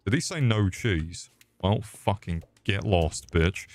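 A British man with a deep, gruff, low voice streams a game and rants at it in casual commentary. He swears constantly, turning crude and mock-angry, his intonation lively but his pace slow.

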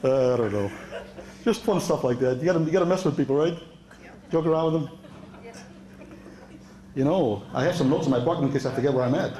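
A European stand-up comedian tells true stories chattily at a live club show, laughing at his own lines and quoting people in a raised voice. His voice sits on the high side and is brisk with long pauses, and the echoey room carries crowd noise.

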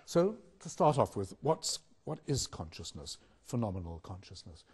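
Husky, mellow-voiced older lecturer, man. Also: fairly low pitch, big pitch swings. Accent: British. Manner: measured, questioning delivery with rhetorical pauses. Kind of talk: academic public lecture.

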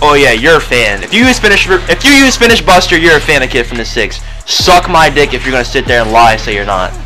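A young man giving loud, brash trash-talking commentary over his own gameplay, often shouting at opponents. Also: mid-range voice, very animated, fast, faint music behind. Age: young adult. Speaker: gaming video host.

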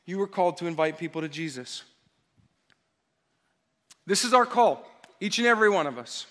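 Male pastor, sermon. High voice with a sharp, forceful edge. Energetic and emphatic, drives call-and-response with the congregation. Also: normal speed. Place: church service.

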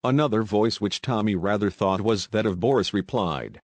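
Low, dry male audiobook narrator. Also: moderate pace, few pauses, a little mellow, dry recording. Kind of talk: scripted narration.

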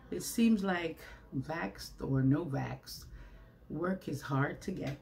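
Her voice sits low and darkish, expressive, with vocal fry and drawn-out words, plus a little hiss or hum on the recording. She is a vlogger talking casually to viewers from home, chatty and preachy with rhetorical questions, in front of a ring-lit camera.

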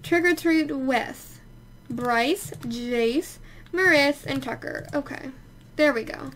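High-voiced chatty woman gaming. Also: slow pace, a bit bright, a little hiss or hum. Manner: chatty, exclaiming and scolding the game characters. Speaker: let's play host. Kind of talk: casual gameplay commentary.

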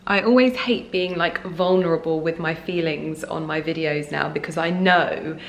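A woman's voice: low voice, moderate pace, vocal fry. A young woman in casual vlog chat, rambling with many fillers, tired and close to tears. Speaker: vlogger.

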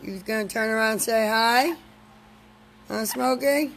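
A woman hosting a live video outdoors on a farm, talking slowly and coaxingly to her animals. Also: fairly high pitch, a bit bright, slight background noise. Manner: slow, coaxing talk to animals. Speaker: farm host.

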